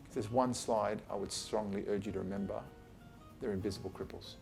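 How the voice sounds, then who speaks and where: An Australian eye surgeon addresses a small group of colleagues informally in his office, with soft music behind. His lowish voice is gravelly and a little mellow, brisk in pace with fairly even intonation. He's blunt and talkative, swears casually and role-plays exchanges with patients.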